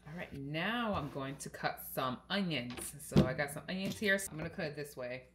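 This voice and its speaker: A woman vlogger chatting to her viewers while cooking, warm and encouraging, recorded without a mic in a home kitchen. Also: low voice, animated, moderate pace, over loud music. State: sick, under the weather. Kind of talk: casual chat while cooking. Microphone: no mic, camera's built-in mic.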